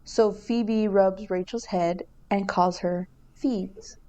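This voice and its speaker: A woman's voice: mid-range voice, steady tone, slow pace, mellow. A young woman co-hosting a casual podcast chat in an easygoing way, chuckling now and then. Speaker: podcast co-host.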